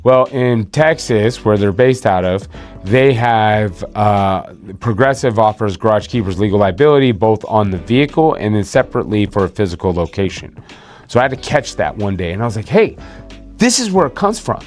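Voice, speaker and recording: A man with a fairly low voice talks through insurance coverage like he's chatting with a client. He leans on fillers and restarts his sentences. Faint music sits under the voice. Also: normal speed, a little mellow. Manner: conversational, with many fillers and restarts. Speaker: insurance agent hosting a video series. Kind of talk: casual explainer talk.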